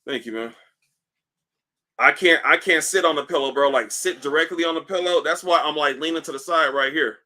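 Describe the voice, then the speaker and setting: A man hosting a casual livestream, reading comments aloud in a loose, profane, animated way while in back pain. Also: on the high side, a little fast. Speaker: livestream host. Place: indoors at home, seated.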